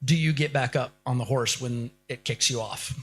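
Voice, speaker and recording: A man's voice: medium pitch, moderate pace, fairly bright tone, a little hiss or hum. A man delivering a motivational keynote speech, firing rhetorical questions at the audience and building up to short, punchy lines. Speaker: keynote speaker.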